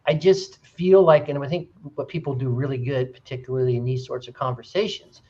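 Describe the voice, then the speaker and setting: A man in an earnest group discussion, retelling stories with animated, rising emphasis. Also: mid-range voice, brisk, highs cut off. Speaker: discussion participant. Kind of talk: casual discussion.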